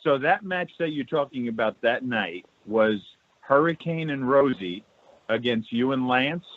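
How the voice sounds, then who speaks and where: A man's voice: medium pitch, animated, measured pace. Man asking short interview questions. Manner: short prompting questions, laughs along. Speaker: podcast host. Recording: dry, phone-like narrow sound.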